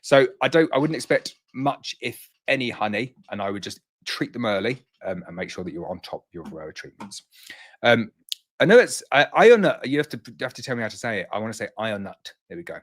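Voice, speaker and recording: A middle-aged man hosting a beekeeping show, reading out viewer questions and answering them in a relaxed, chatty way. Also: medium pitch, a little fast. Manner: relaxed and chatty, reads comments in a lifted voice. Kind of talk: casual live Q&A, reading out viewer comments.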